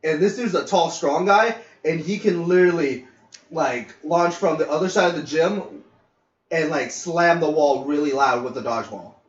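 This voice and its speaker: A man's voice: on the high side, normal speed. Rambling man telling a story in a roomy lo-fi recording. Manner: rambling anecdotes with fillers and swearing. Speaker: podcast co-host. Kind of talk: casual storytelling. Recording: roomy, distant, dull lo-fi mic.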